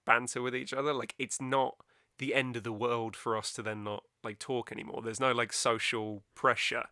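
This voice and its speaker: A man's voice: medium pitch, little pitch movement, normal speed, pushed and bright, no room sound, clean studio sound. A young man from the West Country of England, co-hosting a podcast in casual chat, rambling with lots of fillers and a light West Country accent. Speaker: podcast co-host.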